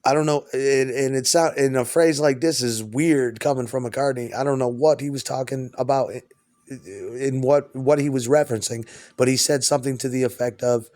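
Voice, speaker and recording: Man, mid-pitched, at home: loose, profane, rambling solo talk. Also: steady tone, moderate pace, a little mellow. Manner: profane, stream-of-consciousness rambling. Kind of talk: rambling monologue.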